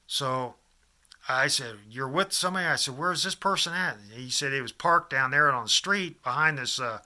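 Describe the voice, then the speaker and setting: A man's voice: medium pitch, sharp tone. A man in his fifties from the American Midwest, telling a rambling personal story to camera with many restarts and asides. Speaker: vlogger.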